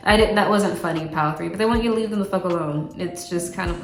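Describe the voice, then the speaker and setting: A woman's voice: lowish voice, a little fast. A woman giving a casual tarot reading to camera, blunt and chatty, swearing freely and talking with lots of fillers. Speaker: tarot card reader. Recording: roomy echo with faint music.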